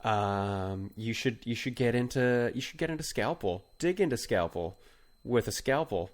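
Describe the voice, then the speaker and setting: A man co-hosting a comedic podcast, rambling and halting with many fillers and restarts. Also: medium pitch. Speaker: podcast co-host. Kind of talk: casual comedic chat.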